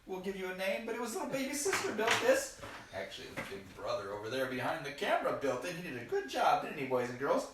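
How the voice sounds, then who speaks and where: A man's voice: on the high side, huge pitch swings, quick pace, a bit bright, a little hiss or hum. A man telling a story to children in a playful, folksy way, talking to the kids directly as he goes. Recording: echoey room, mic far off.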